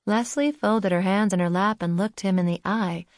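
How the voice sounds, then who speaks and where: A woman's voice: mid-range voice, normal speed, no echo, studio quality. Woman reading a novel aloud. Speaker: audiobook narrator. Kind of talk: scripted narration.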